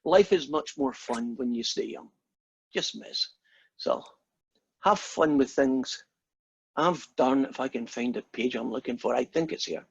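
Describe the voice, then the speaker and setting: A man's voice: medium pitch, a little slow, gravelly, husky. A man who teaches math and gives a chatty, joking lecture over a video call, with many fillers and restarts. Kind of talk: casual online lecture. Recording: dull lo-fi online call audio.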